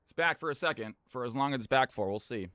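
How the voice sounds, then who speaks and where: A man's voice: medium pitch, expressive, fast, bright, forceful tone, no echo, studio quality. A young man streaming, telling jokes in a loose, rambling way. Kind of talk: casual joke-telling on stream.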